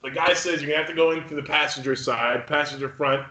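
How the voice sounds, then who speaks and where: Animated, swearing young man telling a story. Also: on the high side, fast, roomy sound. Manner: swearing, animated storyteller acting out other people. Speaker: podcast co-host. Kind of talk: casual storytelling chat.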